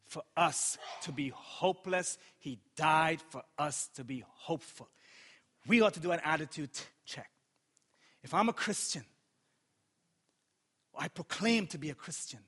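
A man with a high, bright voice preaches slowly and deliberately from a church sanctuary. He is impassioned and trades playful asides with the congregation. A long hall reverb trails every phrase. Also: lively intonation, husky. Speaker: pastor. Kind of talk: sermon.

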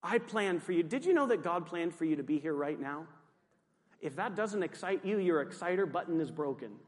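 A male pastor preaching in an emphatic way, with a fairly high voice for a man. His key phrases come back again and again. A long reverb from the hall trails every line. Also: very animated, normal speed. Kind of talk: sermon.

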